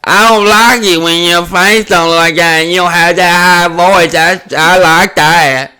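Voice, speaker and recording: A man putting on the voice of a whiny, dim adult male fan who pleads in a slow, high whine. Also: fairly even intonation, sharp tone, smooth. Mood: whining.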